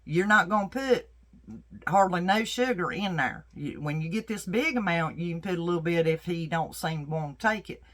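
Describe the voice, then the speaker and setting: A woman's voice: fairly low pitch, lively intonation, moderate pace, fairly bright tone. Wise caring old granny giving remedy tips, plain-spoken and reassuring, as a woman quotes her.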